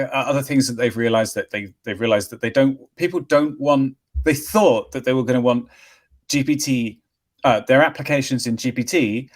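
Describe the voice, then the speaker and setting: A man co-hosting a casual tech podcast, chatting loosely and laughing often, recording from a hotel room. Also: medium pitch. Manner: laughs often, rambling and animated. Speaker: podcast co-host. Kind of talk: casual chat.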